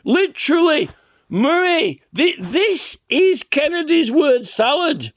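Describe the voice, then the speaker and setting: A man's voice: very high-pitched, very animated, no room sound, studio quality. A man giving combative ranting commentary, repeatedly challenging the man he is arguing with and restarting his sentences. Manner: halting restarts and stammers. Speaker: reaction vlogger.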